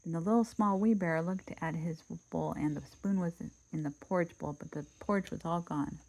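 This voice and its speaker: Lady reading a kids storybook out loud, low gravelly voice, laid back, chats in between. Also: normal speed, poor audio. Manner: relaxed, chatty asides, abridges the story. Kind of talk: casual storybook read-aloud.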